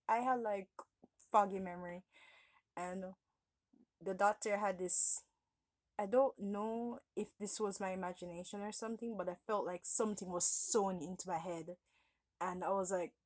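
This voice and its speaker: A woman speaking to her camera in a casual storytime ramble, circling back to correct herself as she goes. Her voice sits at an ordinary middle pitch, and the recording is close and dry. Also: dry recording. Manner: rambling, often correcting herself mid-sentence. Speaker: vlogger telling a personal story.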